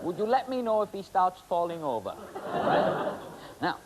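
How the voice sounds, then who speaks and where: A man's voice: sits high, sing-song, normal speed, heavy background noise. A man working as a stage magician, bantering in a joking, rambling way with volunteers on stage. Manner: joking, rambling, teasing, full of ums. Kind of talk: comic stage patter with volunteers.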